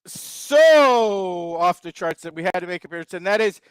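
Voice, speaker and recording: A man's voice: sits high, animated, normal speed, clean tone, no echo, poor audio. A man from the American South, a regular on a sports talk show, ranting with mocking, exasperated wisecracks. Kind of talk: sarcastic sports talk rant.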